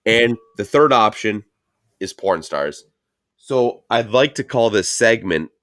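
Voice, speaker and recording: A man hosts a casual talk show, rambling from story to story and swearing freely. His voice sits a bit low and the sound is dry and close. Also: lively intonation, slow, fairly bright tone, dry recording. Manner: rambling, swears a lot, lots of fillers. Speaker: show host. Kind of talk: casual profane chat.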